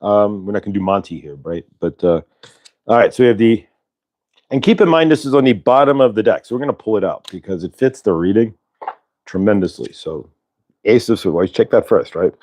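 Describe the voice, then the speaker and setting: A man hosting a casual spiritual livestream, reading cards and talking in a rambling, halting way with many fillers and restarts. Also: lowish voice, a little mellow. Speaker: channeler and show host.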